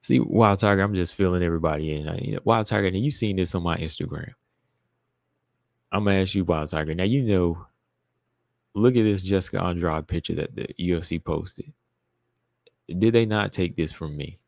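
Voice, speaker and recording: Deep gravelly man chatting to viewers. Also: a little fast, pauses often, no room sound, studio quality. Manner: talks straight to viewers, repeats phrases, emphatic; informal, uses "y'all" and "be listening". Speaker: podcast host. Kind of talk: casual live-stream chat.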